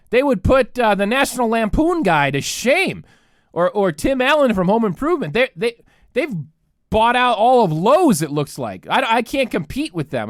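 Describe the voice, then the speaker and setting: Mock-angry man ranting, lively pitch. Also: dry recording, studio quality. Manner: mock-indignant, sarcastic, exaggerated. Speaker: podcast host. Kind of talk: comedic solo rant.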